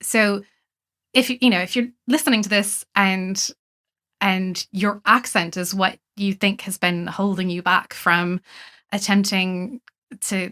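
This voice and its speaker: Woman interviewer, bright voice, earnest and persuasive, with casual filler words. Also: medium pitch.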